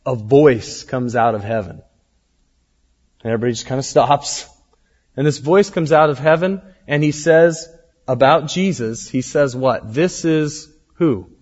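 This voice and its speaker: A man preaching a sermon as pastor, in a conversational, animated storytelling manner with acted quotes. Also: mid-range voice, measured pace. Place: church hall. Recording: dull, reverberant hall recording.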